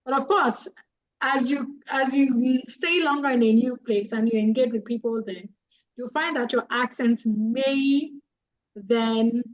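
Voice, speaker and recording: High-voiced woman coaching on a video call, earnest, repeats herself for emphasis, dull muffled audio. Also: a little slow. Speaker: public speaking coach. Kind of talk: guest talk on a webinar.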